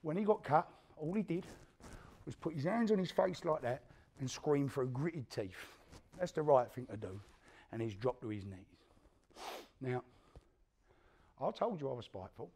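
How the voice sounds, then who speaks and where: A man with a London accent performs a stage monologue as a hard, spiteful gangster, boasting grimly through a coarse, swearing account of a brutal feud and re-enacting each scene. His mid-range voice is animated and a little mellow with a breathy edge, moving at a moderate pace with frequent pauses.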